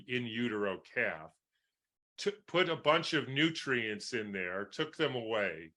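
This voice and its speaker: Slow, bright-voiced man explaining. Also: medium pitch. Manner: explains with homely analogies, keeps asking "right?". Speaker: guest doctor. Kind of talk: interview answer.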